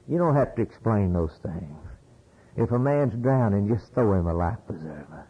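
An older American man preaching a sermon, now calm and low, then rising to loud, high exclamations. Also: moderate pace, husky, dull audio. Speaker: pastor.

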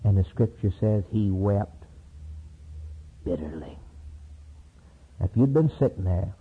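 A male preacher delivers a sermon, swinging from loud high cries to low hushed storytelling. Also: expressive, takes it slowly, breathy edge. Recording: tinny lo-fi sermon tape.

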